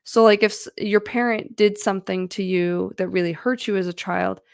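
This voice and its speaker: A woman's voice: medium pitch, steady tone, normal speed, vocal fry, smooth, no room sound, clean studio sound. A woman giving casual, earnest advice on feelings to her viewers, chatty and full of fillers. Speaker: mental health vlogger. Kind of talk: casual talking-to-camera advice.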